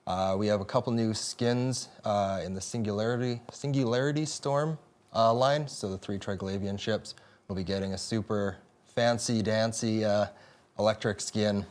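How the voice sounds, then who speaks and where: A man's voice: fairly low pitch, fairly even intonation, moderate pace. A man who works as a live events producer, answering questions in a casual, easygoing way with many filler sounds. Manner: easygoing, filler-heavy explaining. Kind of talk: casual desk interview.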